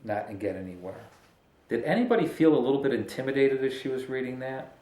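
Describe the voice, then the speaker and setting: A man's voice: mid-range voice, lively intonation, fast, dark tone, roomy sound. A man preaching a casual, conversational sermon as pastor, joking and breaking into emphatic bursts.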